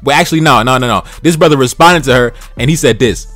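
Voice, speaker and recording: A man's voice: mid-range voice, quick pace, a bit bright, soft background music. A man in his twenties giving blunt, slangy reaction commentary, repeating phrases for emphasis. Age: 20s. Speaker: YouTube commentator.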